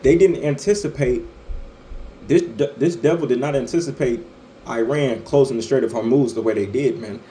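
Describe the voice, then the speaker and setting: A man's voice: medium pitch, normal speed, mellow, a little hiss or hum, rough recording. Rambling, stammering man ranting. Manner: stammering, repeats "man" and "right", swears freely. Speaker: online commentator. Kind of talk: profane religious-political rant.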